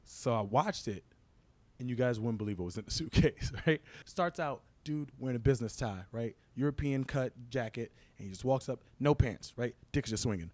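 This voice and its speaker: A man's voice: mid-range voice, expressive, a little mellow, no echo. A young man doing a crude stand-up comedy routine, telling a story and tossing "right?" to the crowd. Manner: fast, crude storytelling with frequent "right?" asides.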